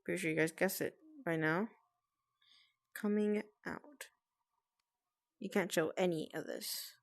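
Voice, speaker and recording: A woman vlogging from home, keeping her voice hushed and careful so family nearby won't hear. Her tone sits a little low, with a gravelly fry running through it and nervous little laughs. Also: fairly even intonation, fairly quick. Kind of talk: casual explainer talk to friends.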